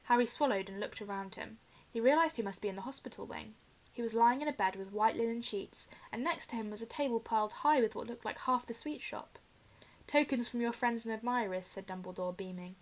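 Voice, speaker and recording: Woman teacher, fairly high voice, expressive, dramatic storybook reading aloud. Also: fairly quick, poor audio. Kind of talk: reading a children's novel aloud.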